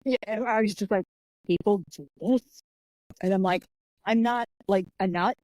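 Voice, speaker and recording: A woman being interviewed on a podcast, telling anecdotes in a lively, animated way and acting out the voices of the people in them. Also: mid-range voice, brisk, no room sound, poor audio. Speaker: guest, author and martial artist.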